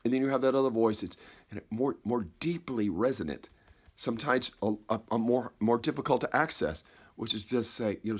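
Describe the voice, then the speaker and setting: A man telling a personal story in a slow, reflective way, halting and repeating words and dropping softer at key moments. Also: medium pitch, husky. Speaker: speaker.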